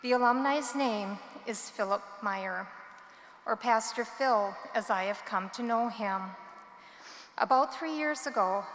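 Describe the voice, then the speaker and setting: A woman giving a prepared commencement speech from a podium microphone, measured and earnest. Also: on the high side, a bit bright. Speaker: student commencement speaker. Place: large hall. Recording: long hall reverb.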